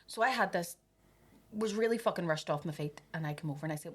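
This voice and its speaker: A young woman chatting casually on a podcast as a lively storyteller who swears freely. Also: fairly low pitch, quick pace, breathy edge.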